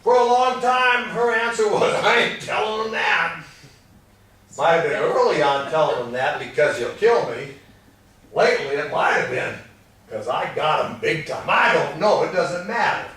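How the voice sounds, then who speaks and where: A man's voice: on the high side, expressive, normal speed, fairly bright tone. Folksy older man speaking in an echoey hall. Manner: folksy storytelling, acts out quoted exchanges. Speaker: marriage seminar speaker. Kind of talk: teaching talk to an audience. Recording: distant mic in an echoey room.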